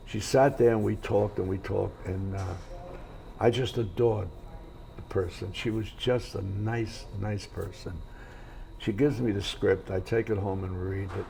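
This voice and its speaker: An older man talks in a low, gravelly voice as he spins rambling stories from his career, dropping into the voices of the people he quotes. A faint hiss sits behind him. He sounds at ease in a hotel room. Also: steady tone, a little slow, warm tone. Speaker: actor guest. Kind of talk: casual interview storytelling.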